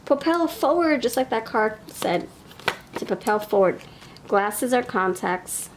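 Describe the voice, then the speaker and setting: A woman with a New York accent takes her time through a pick-a-card tarot reading, chatting and thinking aloud. Her voice is medium-pitched, and background noise can be heard.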